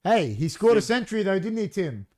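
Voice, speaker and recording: Higher-voiced man bantering on a podcast. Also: very animated, fairly quick, darkish tone, dry recording, clean studio sound. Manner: banter, swears freely. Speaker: podcast co-host. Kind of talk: casual chat. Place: small studio.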